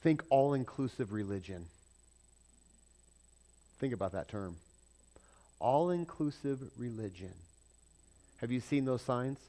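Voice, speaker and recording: A male preacher in mid-sermon with a middle-pitched voice. He talks in a lively, conversational way, keeps asking the congregation questions, and shifts often from loud emphasis to quiet asides. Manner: animated, asks the congregation questions, swings between loud and soft. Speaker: pastor.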